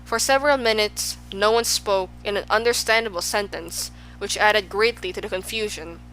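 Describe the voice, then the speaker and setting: Bright-voiced woman reading a storybook. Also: mid-range voice, moderate pace, slight background noise, low-quality recording. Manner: lively, expressive. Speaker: audiobook narrator.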